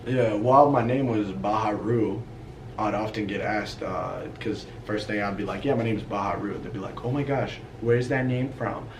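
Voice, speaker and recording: A man from Ethiopia talks casually, lively as he acts out the people in his stories. He sounds roomy and a little distant, recorded in a hotel lobby. A faint hum of noise sits behind him. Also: lowish voice, moderate pace. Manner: animated storyteller, acts out quoted people. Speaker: discussion guest. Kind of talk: casual chat.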